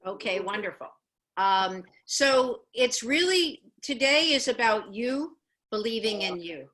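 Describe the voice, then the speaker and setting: A woman with a bright, fairly high voice speaks over a video call as the facilitator of a training session. She talks gently and encourages the group. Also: animated, unhurried, poor audio. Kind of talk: online training talk.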